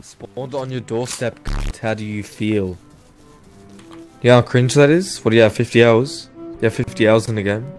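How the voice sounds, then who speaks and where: Scornful player, mid-pitched, taunting, faint music behind; brief: mocking rival. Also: male voice, steady tone, normal speed, a little mellow. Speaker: game player on voice chat. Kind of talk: mocking in-game voice chat.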